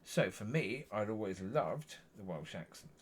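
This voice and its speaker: Low gravelly guy rambling about his faith to the camera, bit husky, keeps correcting himself. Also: expressive, unhurried. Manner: meandering, repeats himself, frequent self-corrections. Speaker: Christian vlogger. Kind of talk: rambling personal testimony.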